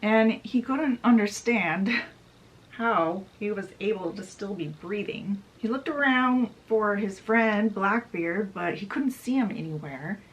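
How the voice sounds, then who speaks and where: A woman's voice: mid-range voice, lively intonation, slow pace, rough recording. A woman casually retelling a book's story, chatty and full of fillers. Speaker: book channel host. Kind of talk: casual book summary retelling.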